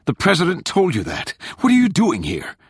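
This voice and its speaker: A man's voice: medium pitch, very animated, moderate pace, fairly bright tone, breathy edge, no echo, clean studio sound, pitched above the performer's own voice. A man reading an audiobook, voicing a young woman who angrily confronts her scheming father. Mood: angry, pleading. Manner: urgent, accusing, raised voice. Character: young woman, defiant and furious daughter.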